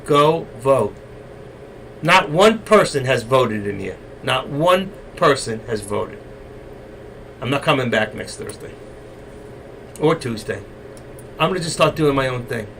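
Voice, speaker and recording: A man hosting a live trading stream, coaxing and teasing his viewers and now and then breaking into loud shouts. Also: medium pitch, animated, a little slow, long pauses. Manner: coaxing, teasing and exasperated with the chat. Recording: distant mic, faint room noise.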